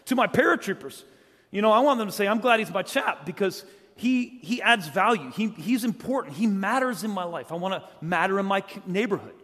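Here a middle-aged South Carolinian guest preacher tells humorous stories from a church stage. He sounds high-pitched for a man and keeps things loose and jokey, alternating loud storytelling with quiet, earnest moments. The sanctuary gives his voice a long reverb.

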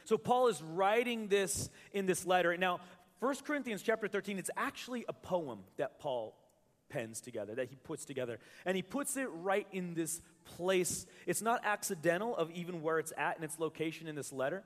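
A man's voice: high voice, lively intonation, moderate pace. A male pastor preaching a sermon to his congregation in a conversational, joking way, often restarting his words. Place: church hall with a live congregation. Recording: reverberant church hall.

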